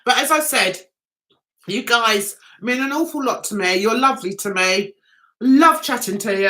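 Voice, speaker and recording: A woman's voice: mid-range voice, sharp tone, poor audio. A woman with an English accent, chatting casually to viewers on a livestream in a rambling way while losing her voice. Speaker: livestream host.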